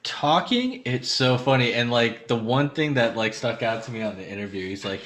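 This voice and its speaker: A man's voice: mid-range voice, steady tone, brisk, fairly bright tone. A man co-hosting a podcast, talking casually in a laid-back way, swearing a lot and trailing off mid-thought. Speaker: podcast co-host. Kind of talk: casual chat.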